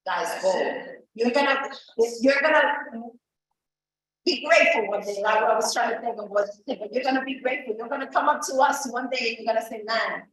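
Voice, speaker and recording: A woman's voice: a little high, brisk, a bit bright, a little hiss or hum. A woman making an urgent, pleading motivational appeal, stumbling over her words. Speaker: event promoter. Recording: echoey room, voice far from the mic.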